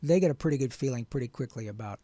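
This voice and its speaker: A man, a voice actor, telling his story in an interview in an earnest, animated and frank way. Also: medium pitch, rapid-fire, dry recording. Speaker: guest voice actor.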